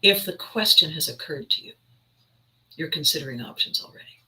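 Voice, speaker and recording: A woman's voice: sits low, lively intonation, brisk, bright, forceful tone, low-quality recording. A woman hosting a livestream, telling a rambling, reflective story in a chatty way and often interrupting herself. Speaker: livestream host. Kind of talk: casual reflective monologue.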